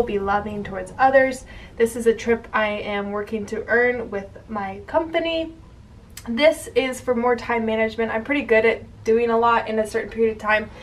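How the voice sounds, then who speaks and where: A woman's voice: medium pitch, slight background noise. Chatty young woman vlogging at home. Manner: chatty, rambling, lots of "like" fillers. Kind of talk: casual chat.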